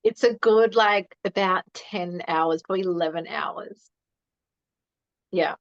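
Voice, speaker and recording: Aussie woman chatting away, lowish voice, lots of um and like, dull dry lo-fi mic. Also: takes it slowly, dry recording. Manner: chatty, lots of "um" and "like", laughs often. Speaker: guest. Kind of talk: casual storytelling.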